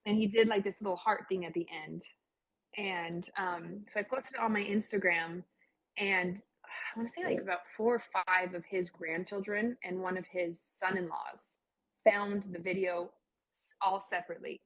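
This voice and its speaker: A woman's voice: medium pitch, fairly even intonation, normal speed, a bit bright, poor audio. A young adult woman speaking as an interview guest in a chatty, heartfelt way, with many "like" fillers. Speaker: guest sharing her cancer story. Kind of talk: casual interview talk.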